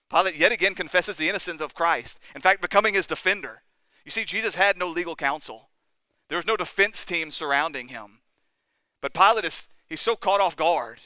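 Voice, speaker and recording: A man preaching a sermon as pastor, with impassioned delivery that rises to loud cries at the climaxes. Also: a little high, normal speed, clear, resonant tone, dry recording.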